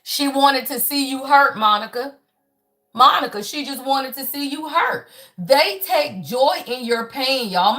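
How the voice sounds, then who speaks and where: A woman's voice: high-pitched, bright, forceful tone. Blunt, profane woman reading tarot live. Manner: blunt, profane, preachy, repeats "y'all" and "right?". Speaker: tarot reader. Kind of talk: live spiritual reading, casual chat.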